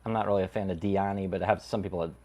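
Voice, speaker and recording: A man's voice: low-pitched, fairly even intonation, racing, mellow. A man, a guest comic creator, talking casually and rambling, laughing easily. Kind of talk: casual chat.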